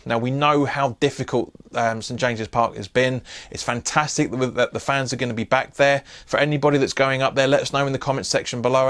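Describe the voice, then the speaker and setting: A man's voice: mid-range voice, clear, resonant tone. A man hosting a casual football preview vlog, chatty and loose, often restarting his sentences. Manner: chatty, frequent restarts and fillers. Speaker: host.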